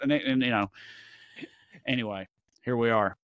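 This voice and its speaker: A man's voice: mid-range voice, fast, dry recording, clean studio sound. A man co-hosting a podcast, talking in a laid-back, crude, joking way. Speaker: podcast co-host. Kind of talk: casual comedic chat.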